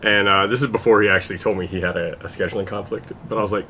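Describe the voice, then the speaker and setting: A man hosting a casual podcast chat, telling stories in an animated way and swearing freely. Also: on the low side, fast talker, few pauses, a little hiss or hum. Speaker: podcast host.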